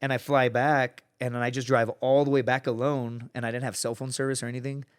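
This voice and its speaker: Guy on a podcast telling a wild story, cusses a lot, acts out everyone he quotes, medium pitch. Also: fast talker, clear, resonant tone. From United States. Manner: profane, animated, acts out quoted people. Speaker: podcast guest. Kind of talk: casual storytelling.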